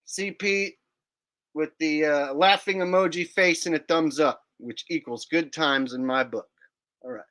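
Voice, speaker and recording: A man's voice: a little high, unhurried, fairly bright tone. Man, channel host, casual commentary, crude, sarcastic, mocking.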